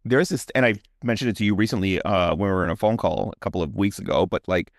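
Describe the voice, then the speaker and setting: A man's voice: deep voice, fast, creaky, dry recording, clean studio sound. A man co-hosting a horror podcast who talks casually with lots of "like" and laughter, and also narrates ghost stories. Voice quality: chatty, lots of "like", laughs often. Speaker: podcast co-host and story narrator. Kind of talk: casual chat and dramatic story narration.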